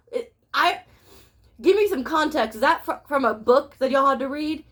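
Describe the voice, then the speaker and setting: Lady rambling thru a storytime vlog at home, swears a lot, kinda high voice. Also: expressive, normal speed, fairly bright tone. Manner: rambling, profane, laughs mid-story. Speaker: storytime vlogger. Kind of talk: casual storytime monologue. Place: home room with a cat nearby.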